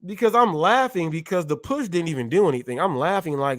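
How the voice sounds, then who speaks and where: A man hosting a live stream, talking in an animated way, often repeating himself and acting out short exchanges. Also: fairly high pitch, a little fast, hardly any pauses, no echo, clean studio sound. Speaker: show host.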